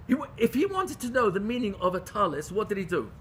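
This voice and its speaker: A man's voice: extremely high pitch, animated, fast talker, hardly any pauses, sharp tone, a little hiss or hum. A man teaching a Torah class in English, speaking with pleading intensity, restarting phrases often and mixing in Hebrew terms. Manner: impassioned, pleading, with frequent restarts.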